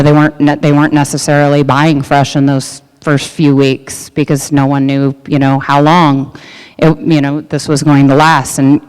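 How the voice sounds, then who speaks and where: A woman's voice: low voice, a little mellow, clean tone. A middle-aged woman who owns a produce business, telling a story in a luncheon speech with lots of fillers and restarts. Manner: chatty, many fillers and restarts. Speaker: produce business owner giving a luncheon talk. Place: large event hall. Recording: long hall reverb.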